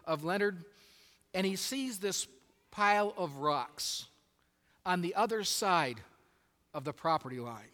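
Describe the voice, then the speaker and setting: A man preaching a sermon as pastor, telling a story in an animated way that often swings between loud and quiet. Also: high-pitched, in a large hall. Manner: animated storytelling with shifting volume.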